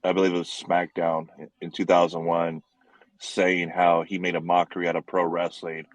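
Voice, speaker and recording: Male podcast co-host, low voice, rambling and amused, dry close sound. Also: flat delivery, moderate pace, dry recording, low-quality recording. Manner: rambling, laughs while recounting. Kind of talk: casual chat.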